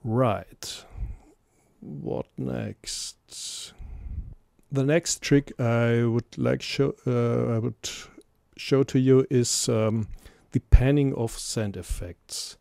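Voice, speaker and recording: Slow-talking male mixing tutor, mellow tone, halting and filler-heavy delivery. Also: mid-range voice, fairly even intonation, gravelly, dry recording, studio quality. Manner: hesitant, many fillers and restarts. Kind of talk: screen-recorded software tutorial.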